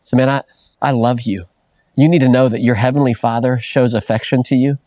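A man's voice: mid-range voice, steady tone, fairly quick, warm tone, no room sound, studio quality. A middle-aged man preaching a sermon in an earnest, conversational way, often restarting phrases and adding "man" as a filler. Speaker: pastor.

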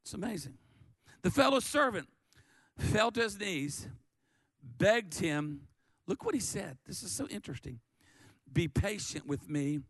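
A man preaching a sermon, animated and lively, often stammering and repeating words as he acts out the story. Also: high voice, a little slow, pauses often, slightly rough, dry recording. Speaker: pastor.

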